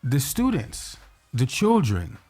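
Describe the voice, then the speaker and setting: A man's voice: mid-range voice, huge pitch swings, slow, mellow, husky, soft background music. A man with a Haitian accent, co-hosting a casual talk show and acting out his own reactions as he tells a story. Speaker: co-host. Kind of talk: casual chat. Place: New York.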